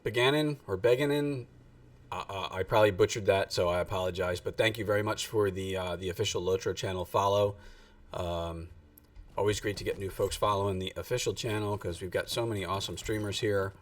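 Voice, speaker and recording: A man's voice: low voice, fairly even intonation, fairly quick, no echo. A man streaming a game, chatting casually and rambling with lots of fillers as he thinks aloud. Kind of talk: casual live-stream gaming chat. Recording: voice distant from the mic.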